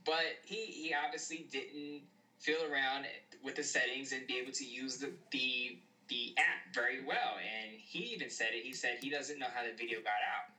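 Earnest, very bright-voiced man, a bit off-mic. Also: mid-range voice, steady tone, recorded from a distance, low-quality recording. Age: late 20s. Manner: earnest, opinionated, measured. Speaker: podcast co-host. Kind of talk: casual sports chat.

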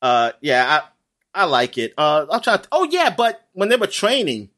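A man chatting loosely on a podcast, his voice a touch high and swinging widely in pitch. He rambles along with plenty of fillers and easy laughter. The tone stays informal throughout. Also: wildly swooping pitch, moderate pace, pushed and bright. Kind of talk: casual chat.

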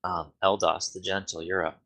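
A man as game master, narrating the scene and correcting players with quick repeated words. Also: low voice, little pitch movement, heavy background noise. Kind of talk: running a tabletop game.

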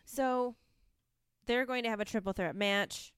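A woman's voice: fairly high pitch, a little slow, smooth, dry recording, clean studio sound. A woman co-hosting a podcast, chatting casually and enthusiastically about wrestling with lots of fillers. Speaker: podcast co-host. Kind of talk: casual chat recapping wrestling.

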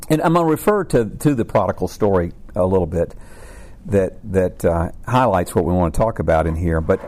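A man's voice: on the low side, darkish tone. A man, a counselor speaking informally to a support group, rambling and stammering with jokes.

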